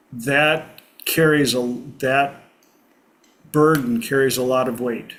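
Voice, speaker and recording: A man hosts a casual group talk, speaking in an unhurried, thoughtful way. He often stops mid-sentence to search for the right word, then carries on calmly. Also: medium pitch. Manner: slow, reflective, pausing to find words. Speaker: host.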